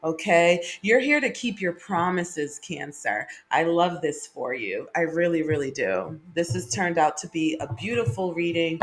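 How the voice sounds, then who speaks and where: A woman giving a monthly tarot reading, chatty and enthusiastic, with many fillers and repeated okays. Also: lowish voice. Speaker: tarot reader.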